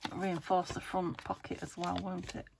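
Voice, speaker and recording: A woman's voice: on the low side, little pitch movement, normal speed, gravelly, noisy background. A British woman hosting a crafting video, chatting casually and muttering to herself as she works at her table, sometimes dropping to a whisper. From United Kingdom. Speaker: craft channel host.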